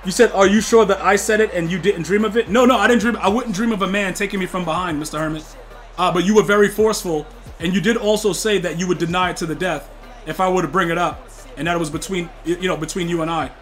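A young man streaming a football video game, talking slangy trash to his chat and yelling at plays. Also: high voice, fast talker, faint music behind. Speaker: gaming streamer. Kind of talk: live game stream commentary.

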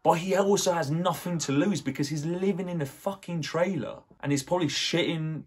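A young man hosting a casual movie reaction, excitable and swearing, with lots of "like" fillers. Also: on the high side, brisk, slightly rough.

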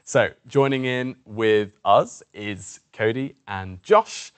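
A man coaching a voice warm-up lesson, encouraging and demonstrative as he guides participants through exercises. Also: fairly low pitch, slow pace, smooth. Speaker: presentation skills coach.

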